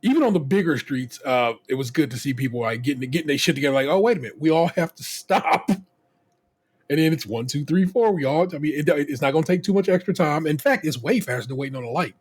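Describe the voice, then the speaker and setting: A man's voice: fairly high pitch, fast talker, few pauses, slightly rough. A man co-hosting a casual podcast, ranting profanely with many restarts and acting out other people in quotes. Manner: animated, voices others in quotes. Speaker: podcast co-host.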